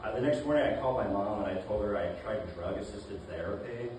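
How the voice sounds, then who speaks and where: A man performing a deadpan stand-up set in a comedy club, halting with many fillers. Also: lowish voice, very noisy. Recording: roomy club sound from a distance, audience laughter. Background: audience laughing.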